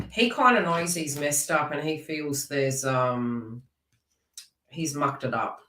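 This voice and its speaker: A woman's voice: sits low, takes it slowly, sharp tone. Woman, live tarot reader, teasing and chatty, roomy sound, slightly distant mic. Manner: chatty, teasing, talks to viewers by name.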